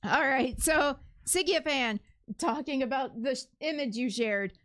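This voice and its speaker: A woman's voice: high voice, measured pace, a bit bright. A woman co-hosting a live podcast stream, reading viewer comments aloud and laughing along. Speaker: podcast co-host reading chat. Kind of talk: casual live-stream chat.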